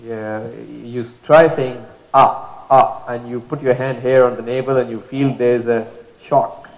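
A man's voice: medium pitch, little pitch movement, moderate pace, darkish tone. Patient male teacher in an echoey room. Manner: patient, repeats and drawls out letter sounds as demonstrations. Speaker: Quran recitation teacher. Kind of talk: explanatory lesson.

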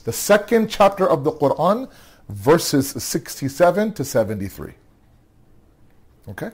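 A man giving an earnest sermon-style Quran lesson, asking rhetorical questions, repeating words for emphasis and reciting Arabic verses quickly. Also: a little high, very animated, breathy edge. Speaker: religious teacher.

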